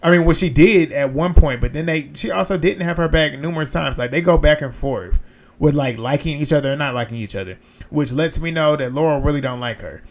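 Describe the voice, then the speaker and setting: A man's voice: a little high, brisk. Blunt, chatty man recapping reality TV. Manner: frank, blunt, profane, chatty. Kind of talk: casual recap commentary.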